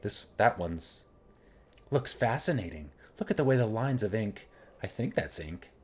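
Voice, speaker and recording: A man voicing a sweet, timid young woman who talks gently and apologetically while reading game dialogue. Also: on the low side, lively intonation, unhurried, slightly rough. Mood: curious.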